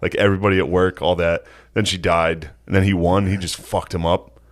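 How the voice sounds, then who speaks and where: A man's voice: deep voice, little pitch movement, fairly quick. A young man co-hosting a podcast, telling stories in casual, profane talk and laughing often. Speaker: podcast co-host. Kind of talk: casual chat.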